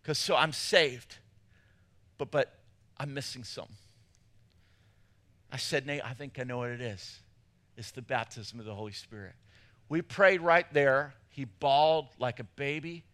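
A man preaching a sermon as pastor, telling a story with big swings between loud bursts and hushed moments. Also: mid-range voice, unhurried, long pauses.

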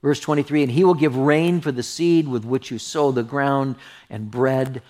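A male pastor with a medium-pitched, steady voice teaches through a Bible passage at a moderate pace. He reads scripture aloud and comments on it conversationally in an earnest sermon, dropping to a hushed whisper for tender asides.

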